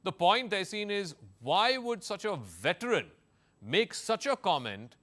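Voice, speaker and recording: A man's voice: sits high, sing-song, a bit bright. A man with an Indian accent anchoring a televised political debate, pressing his guests with pointed questions. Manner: pointed, rapid-fire questioning. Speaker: news anchor.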